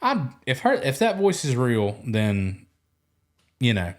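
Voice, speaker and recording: A man hosting a podcast, telling animated stories in casual chat and mimicking other people's voices. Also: mid-range voice, slow. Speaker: podcast host.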